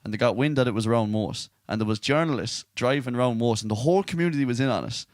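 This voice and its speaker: An Irish man co-hosting a podcast, telling stories in a casual, animated way and slipping into rural voices. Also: mid-range voice, quick pace, dry recording, clean studio sound. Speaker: podcast co-host. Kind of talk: casual storytelling chat.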